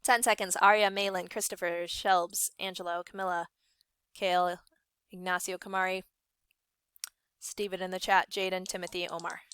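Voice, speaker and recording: Woman teaching online, bright clear voice, encouraging, brisk, calls out names. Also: on the low side, little pitch movement, no echo. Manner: upbeat, encouraging, brisk calling out of student names. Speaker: science teacher. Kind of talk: online class lesson.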